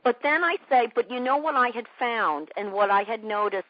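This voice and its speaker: A woman's voice: fairly high pitch, normal speed, no room sound. Woman sales trainer coaching over a muffled line. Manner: repeats herself, acts out both sides of calls, keeps asking if it makes sense.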